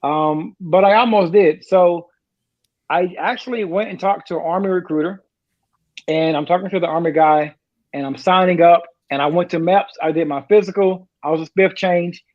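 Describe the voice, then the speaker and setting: A man, a retired sergeant major telling profane, animated stories in casual chat. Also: sits high, normal speed, highs cut off. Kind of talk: casual storytelling.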